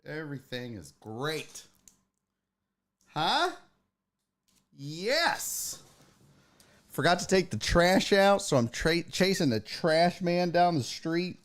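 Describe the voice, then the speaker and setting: A middle-aged man hosting a sports talk show, telling a story in a casual, rambling way, cursing and exasperated. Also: a little high. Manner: profane, exasperated, animated.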